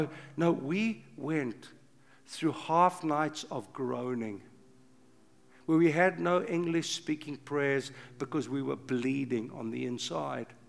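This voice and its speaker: An older man preaching an impassioned sermon, swinging from loud urgent bursts to hushed low passages. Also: slow, creaky. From South Africa. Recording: long reverb of a big hall.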